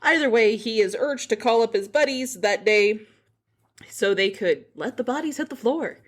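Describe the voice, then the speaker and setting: A woman's voice: on the high side, expressive, normal speed. A woman podcast host recapping a book in casual chat, frank and profane.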